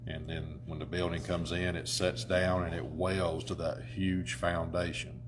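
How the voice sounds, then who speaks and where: Deep-voiced matter-of-fact man. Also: level tone, a little slow. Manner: matter-of-fact, practical explainer. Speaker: emergency management director. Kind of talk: explaining plainly. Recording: noticeable room noise.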